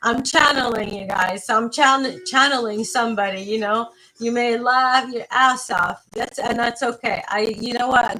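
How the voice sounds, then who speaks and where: A woman's voice: fairly high pitch, moderate pace, sharp tone, poor audio. A woman giving a live tarot reading, talking to her viewers in a rambling, playful, casual way and swearing now and then. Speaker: tarot reader.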